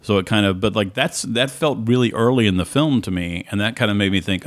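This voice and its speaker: A man's voice: fairly low pitch, fairly quick, hardly any pauses, no echo. A man co-hosting a casual movie review chat, rambling and correcting himself as he goes. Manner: rambling, self-correcting, enthusiastic. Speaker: podcast co-host.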